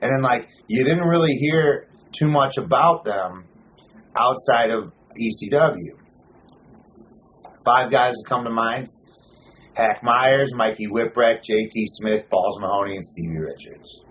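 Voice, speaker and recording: A man hosting a wrestling podcast in casual chat, cursing freely and talking with animated swings. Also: medium pitch, a little slow, slight background noise, low-quality recording. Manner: profane, animated, lists names in runs. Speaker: podcast host.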